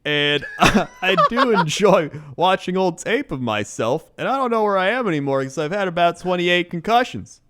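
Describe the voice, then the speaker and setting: A man puts on a dazed sports commentator, drawn-out and loud, with a goofy, confused delivery. The voice sits a little above his usual pitch. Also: big pitch swings, slight background noise. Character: impression of a dazed older male sports commentator.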